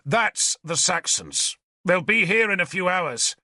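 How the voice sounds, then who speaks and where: A man's voice: high-pitched, lively intonation, a little slow, sharp tone, no room sound, clean studio sound, voice pushed up, exaggerated voice. A man playing a hardened, aging warrior lord who snarls and barks orders. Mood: urgent.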